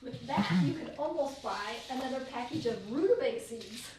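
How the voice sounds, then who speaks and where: A woman talks casually and dryly with her son during his stream. Her voice sits a little high, and clear clicking noises come through behind her. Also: animated, moderate pace, background noise. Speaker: streamer's mother. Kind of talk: casual conversation.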